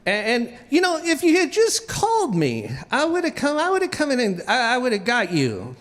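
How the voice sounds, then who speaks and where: A man's voice: extremely high pitch, wildly swooping pitch, normal speed, pitched above the performer's own voice, full character voice. A man voicing his exasperated, scolding middle-aged wife during a live storytelling set. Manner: scolding, sharp, incredulous. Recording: reverberant live hall.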